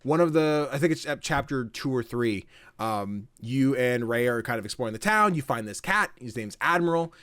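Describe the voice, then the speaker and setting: A man's voice: medium pitch, moderate pace, no room sound. Guy on a podcast retelling game plots, acts out the lines, swears a lot, dry close sound. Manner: animated storytelling, acts out quotes, swears casually. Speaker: podcast co-host. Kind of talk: casual chat.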